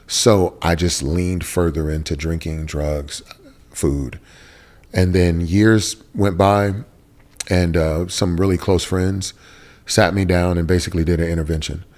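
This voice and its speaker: A man's voice: low-pitched, fairly even intonation, measured pace, darkish tone. A man from Texas, an interview guest giving a candid, emotional personal testimony with casual slang. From Texas, USA.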